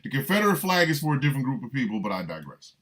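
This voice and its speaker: A man's voice: medium pitch, sing-song, very fast, a bit bright. A man delivering a comic monologue, riffing with repeated lines and mock-incredulous asides. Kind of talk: comedic monologue.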